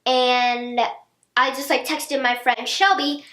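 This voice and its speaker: A teenage girl telling a storytime vlog in casual chat, animated, acting out what others said. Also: high-pitched, slow pace. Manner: chatty, animated, acts out quotes of others. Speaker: vlogger. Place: indoor room, seated on a chair. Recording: echoey room.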